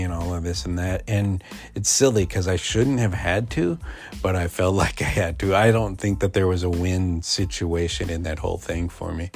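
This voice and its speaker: A man's voice: low voice, steady tone, moderate pace, a little mellow, soft background music. A man in his forties telling a personal story in a casual, rambling way, full of fillers and restarts. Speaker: podcast host.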